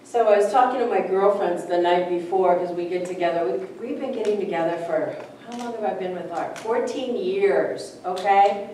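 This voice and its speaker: A woman's voice: medium pitch, normal speed, mellow. Woman, middle-aged, spiritual teacher, informal sermon, earnest and chatty, very echoey room, distant mic. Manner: conversational, earnest, many "you know" fillers. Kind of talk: informal sermon-style storytelling to a small audience. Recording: echoey room, mic far off, faint noise.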